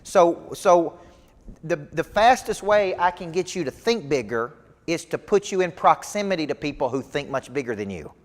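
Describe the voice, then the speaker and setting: A man's voice: a little high, animated, moderate pace. A man, a business coach giving a motivational speech to a live audience, emphatic and repetitive. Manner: emphatic, repetitive rallying delivery. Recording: long hall reverb.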